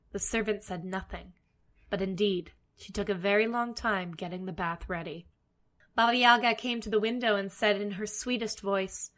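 A woman's voice: mid-range voice, moderate pace. Woman reading a fairy tale aloud. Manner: steady, wry asides. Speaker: storyteller.

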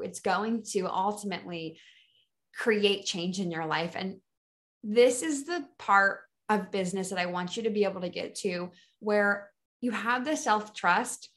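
A woman's voice: mid-range voice, a bit bright. A woman business coach giving a motivational solo talk in an enthusiastic, emphatic way, often restarting phrases.

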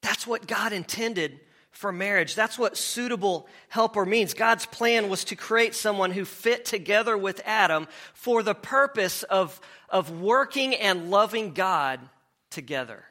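A man preaching with a high, bright voice that sits well above most men's. He talks conversationally, restarting phrases and asking the room questions. It sounds like a pastor working through a message. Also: unhurried. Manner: conversational, asks the congregation questions, repeats words as he goes. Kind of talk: sermon.

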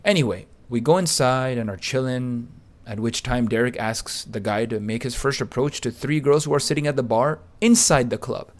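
A man's voice: mid-range voice, moderate pace. A man reading a first-person nightclub story aloud in a boastful, hyped way, full of crude slang. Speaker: podcast narrator.

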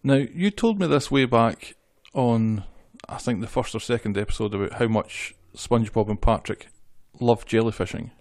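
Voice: medium pitch, moderate pace, few pauses, darkish tone, dry recording, studio quality. A podcast co-host in casual chat, reading out episode trivia and joking along. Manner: reads trivia notes, jokey, laughs easily.

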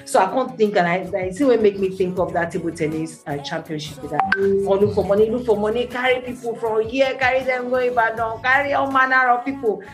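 A woman's voice: fairly high pitch, a little fast, over music. Nigerian Pidgin woman telling her story. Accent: Nigerian Pidgin English. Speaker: studio guest. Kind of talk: radio interview in Pidgin.

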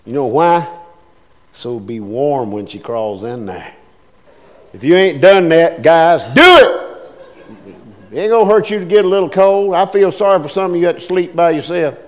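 A man with a high voice preaches in a folksy, emphatic way and calls out to his listeners. His pastor's sermon rings through a church with a long, lingering reverb. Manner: folksy, emphatic preaching with call-outs to the congregation.

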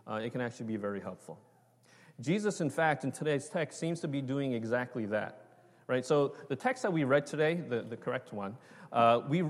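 A man delivers a sermon in a relaxed, conversational way, pausing to check in with his listeners with "right?" and "okay?". His voice sits at an ordinary middle pitch. It carries a long reverb, like a large church sanctuary. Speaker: preacher.

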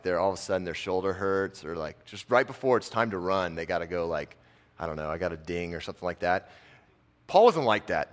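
A young man giving a casual, conversational sermon, dropping his voice soft on key lines. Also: sits low. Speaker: preacher and football coach.

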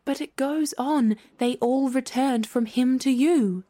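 A woman reading a storybook aloud, voicing a bold, outspoken young girl who protests loudly and indignantly. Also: sits high, slow pace, pitched above the performer's own voice. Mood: defiant.

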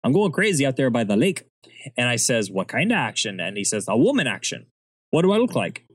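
A gruff small-town bartender tells his story in a low deadpan drawl, read out by a podcaster. The sound is dry and close to the mic. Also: brisk, no echo.

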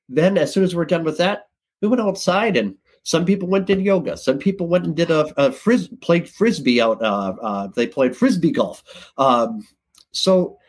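A man with a slightly husky voice pitched a little above the usual, talking as a podcast guest. He tells stories casually and with energy, his pitch leaping upward whenever he gets excited. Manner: lively, jumps up in pitch when excited. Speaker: guest, sales director.

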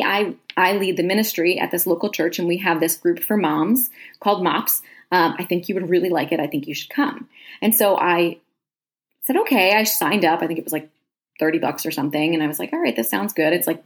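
A woman in her thirties talks through her own story in a casual monologue. Her voice sits low for a woman. She sounds earnest and chatty and fills her sentences with "like" and "um". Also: brisk. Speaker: podcast host.

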